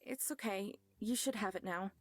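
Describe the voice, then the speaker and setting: A woman voicing a practical young female treasure hunter in a visual novel, brisk and matter-of-fact. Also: medium pitch, dry recording, clean studio sound, natural voice.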